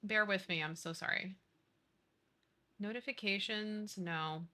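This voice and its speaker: A woman's voice: mid-range voice, unhurried, bright, forceful tone. A young woman streaming live, chatting casually, swearing freely and apologizing as she fiddles with her settings.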